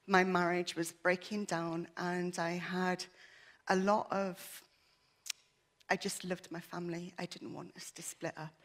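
Emotional woman sharing testimony in church. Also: lowish voice. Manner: earnest, emotional, with many fillers. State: shaky with emotion. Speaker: church member giving testimony.

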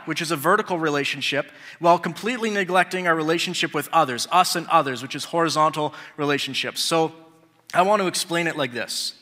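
In a large hall, a pastor with a slightly high, sharp voice delivers a sermon conversationally, putting rhetorical questions to the congregation.

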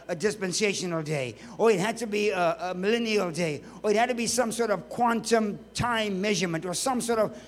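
High-voiced emphatic male preacher. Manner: emphatic, rhetorical questions, joking asides. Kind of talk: sermon.

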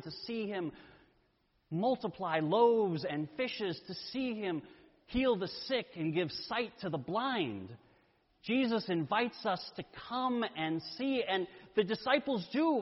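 A male pastor preaching a sermon in a deliberate way, with dramatic pauses. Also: sits high. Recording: dull sound with long church reverb.

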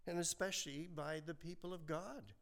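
A man in his seventies preaching a sermon in a slow, conversational way, full of rhetorical questions and folksy asides. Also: fairly high pitch, fairly even intonation. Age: 70s. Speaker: pastor.

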